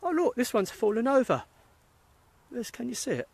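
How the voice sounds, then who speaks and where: A man's voice: very high voice, big pitch swings, normal speed, creaky, darkish tone, slightly rough, no echo. A middle-aged British man, a spiritualist medium, chatting casually and rambling as he greets viewers by name during a phone live stream while walking outdoors through a cemetery. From England. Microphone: phone held while walking.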